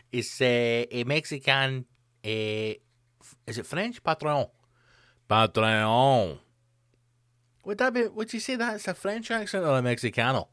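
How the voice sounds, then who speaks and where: A Scottish man hosts his own comedy podcast in a loose, rambling way, tossing in curses and jokey asides. His voice sits at an ordinary middle pitch for a man. The sound is close and dry, with no room echo around it. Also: expressive, moderate pace, a bit bright. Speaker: podcast host.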